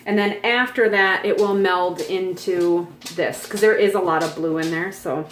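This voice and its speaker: A woman's voice: lowish voice, steady tone, moderate pace, echoey room, slight background noise. A woman in her forties on a farm, chatting in a rambling, casual way with frequent fillers. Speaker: vlog host. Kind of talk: casual chat. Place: home on a farm.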